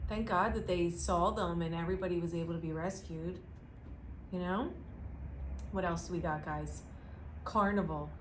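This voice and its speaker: A woman's voice: lowish voice, steady tone, moderate pace, long pauses. Chatty woman doing cruise news, lots of "i guess", bit of hiss behind. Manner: chatty, hedging with "I guess" and "I don't know". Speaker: co-host of a cruise news show. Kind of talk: casual chat reading news.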